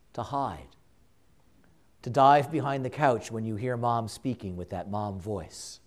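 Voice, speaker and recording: A man preaching a sermon, slow and emphatic, with dramatic pauses and quiet hushed drops. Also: a little high.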